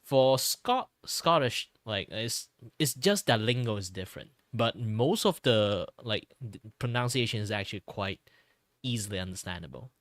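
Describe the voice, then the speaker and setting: Low-voiced rambling Malaysian-born man. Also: lively intonation, normal speed, fairly bright tone, no room sound. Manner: rambling, full of "like" and restarts. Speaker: streamer host. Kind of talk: casual chat.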